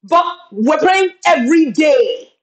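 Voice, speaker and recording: A woman's voice: high-pitched, very animated, slow, low-quality recording. A woman business coach live-streaming on webcam, speaking with impassioned, preacher-like fervor and calling her viewers y'all. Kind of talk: live-streamed motivational talk. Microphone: video call webcam.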